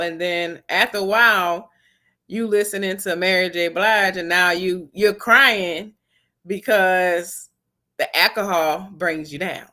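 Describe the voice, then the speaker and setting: A woman's voice: lowish voice, pushed and bright. A woman giving earnest, encouraging wellness advice to her viewers in a casual way, repeating her key points.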